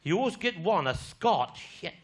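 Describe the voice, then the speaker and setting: Lively bawdy Cornish storyteller man. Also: high-pitched, normal speed. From Cornwall. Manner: broad, bawdy yarn-spinning with crude punchlines. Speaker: stand-up comedian. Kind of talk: stand-up storytelling.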